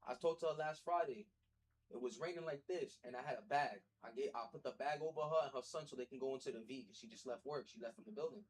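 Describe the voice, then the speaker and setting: A man's voice: medium pitch, quick pace, husky, low-quality recording. A young man talking earnestly and at length about his struggles in a rambling, repetitive way, as a vlogger. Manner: earnest, rambling, repeats himself. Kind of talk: casual personal talk to camera.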